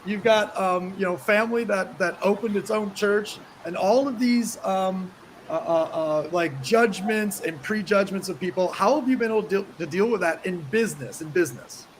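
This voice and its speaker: A male host asking a guest a question haltingly, with fillers, on a live stream. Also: sits high, a little hiss or hum, low-quality recording.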